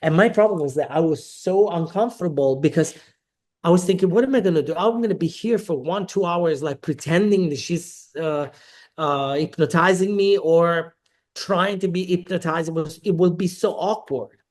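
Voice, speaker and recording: A man's voice: on the high side, moderate pace. A middle-aged man from Naples, a podcast guest telling a personal story and acting out the dialogue as he goes. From Naples, Italy. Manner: animated, acts out quoted dialogue.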